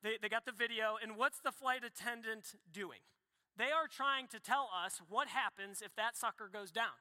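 A young man preaching a sermon as pastor, talking in a lively, conversational way with quick asides and self-corrections. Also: sits high. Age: young adult. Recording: echoey hall reverb.

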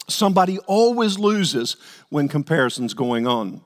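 A male pastor preaches a sermon earnestly, repeating words to build his points and acting out quotes. His high-pitched, expressive voice moves at a moderate pace, with long hall reverb around it.

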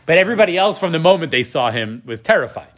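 A man teaching a Bible class, reading verses in Hebrew and explaining them in English. He talks in an animated way and often checks in with the class by asking "right?". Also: fairly high pitch, fast talker, faint music behind. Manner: frequent tag question "right?". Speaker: Torah teacher.

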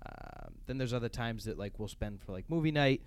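A man's voice: on the low side, fairly quick, creaky. A young man, co-hosting a podcast and talking casually with lots of fillers. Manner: relaxed, rambling with many fillers. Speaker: podcast co-host.

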